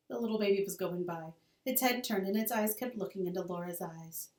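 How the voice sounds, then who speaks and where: A woman's voice: fairly high pitch, fast, hardly any pauses. A woman, a teacher, expressively reading a children's novel aloud to a class. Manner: expressive, storytelling cadence. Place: school room. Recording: roomy, distant mic.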